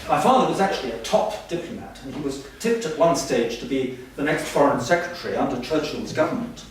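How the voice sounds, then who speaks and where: A man's voice: mid-range voice, animated, a little fast, slight background noise, natural voice. A man playing a pompous, boastful male language professor in a stage comedy sketch, heard from far off in an echoey hall. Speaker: comic stage performer.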